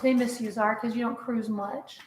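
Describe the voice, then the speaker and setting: A woman's voice: on the high side, fairly even intonation, normal speed, background noise. A middle-aged woman hosting a casual home vlog, chatting with viewers and laughing often. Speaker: vlogger host. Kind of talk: casual live chat with viewers. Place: indoors at home. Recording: roomy echo.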